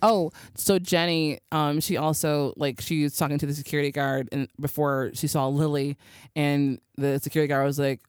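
A woman's voice: deep voice, little pitch movement, normal speed, darkish tone, clear, resonant tone, no room sound, studio quality. A young woman co-hosting a podcast, chatting casually with lots of fillers and laughs. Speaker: podcast co-host. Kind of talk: casual chat.

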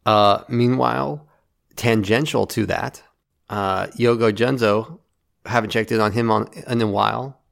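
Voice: mid-range voice, fairly even intonation, unhurried, creaky. A podcast co-host in casual chat, with dry, wry humor.

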